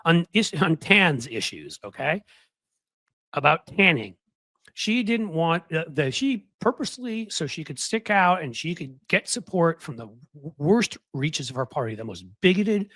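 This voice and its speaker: A man hosting political commentary in a sarcastic, mocking, animated way. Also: fairly high pitch, dry recording.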